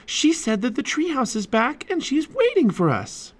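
A man voicing an excited, bold young girl in a family storybook reading. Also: very high-pitched, normal speed, pitched above the performer's own voice, full character voice. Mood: eager. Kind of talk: family storybook read-aloud.

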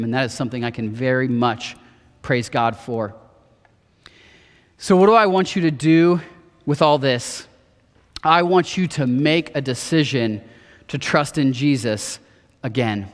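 Brief: male pastor, 30s, slightly high voice, earnest storytelling sermon, big reverberant church hall. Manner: earnest personal storytelling, drops soft for quotes. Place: church auditorium.

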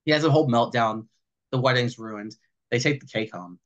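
A man co-hosting a podcast talks over a film in casual conversation, swearing freely and acting out the characters' lines in quick little voices. His voice is mid-range.

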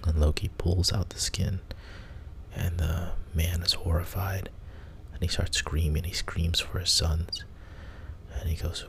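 A man hosting a sleep show, telling a bedtime story in a soft, half-whispered, meandering way. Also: low-pitched, little pitch movement, vocal fry, a little hiss or hum. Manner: meandering and unhurried, with casual restarts.

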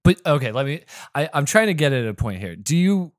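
A man's voice: fairly high pitch, sing-song, a little fast, no echo, studio quality. A man in a casual film discussion, asking thoughtful questions with some hesitation. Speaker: podcast co-host.

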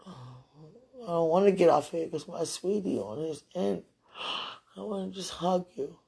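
Slow gravelly woman, emotional and prayerful. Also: fairly low pitch, expressive, dark tone. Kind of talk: emotional live talk to a loved one. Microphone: phone held close.

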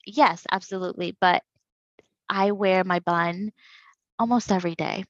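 A woman's voice: mid-range voice, steady tone, a little slow, no echo, muffled recording. A woman in her thirties talking candidly and reflectively as a podcast guest, laughing often. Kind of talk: casual conversation.

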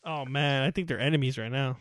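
A man's voice: medium pitch, brisk, no echo, clean studio sound. A man co-hosting a casual podcast, joking around and laughing often. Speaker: podcast co-host. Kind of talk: casual chat.

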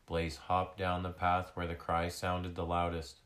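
Slow deep-voiced male storyteller. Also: monotone, fairly bright tone. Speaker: narrator. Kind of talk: children's storybook reading.

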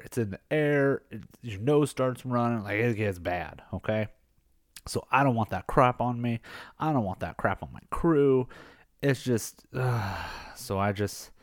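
A man's voice: on the low side, no room sound, studio quality. A middle-aged man, a former firefighter, telling a story in a casual, rambling way, full of fillers and chuckles at his own tale. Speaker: podcast host, former firefighter.

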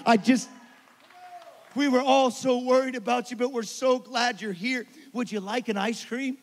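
High-voiced preacher man in echoing hall. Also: moderate pace. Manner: storytelling, swinging from hushed to loud and urgent. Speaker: pastor. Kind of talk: sermon.

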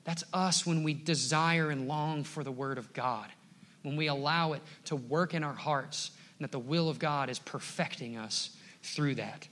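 A young adult man preaching a sermon to his congregation, earnest and building to loud exhortations, with a casual "man" dropped into his lines. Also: on the high side, moderate pace. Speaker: pastor.

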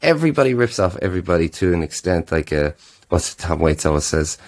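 A man, a singer-songwriter guest, chatting casually on a podcast in a rambling, animated way. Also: low-pitched, fast talker. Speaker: guest musician. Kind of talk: casual chat.

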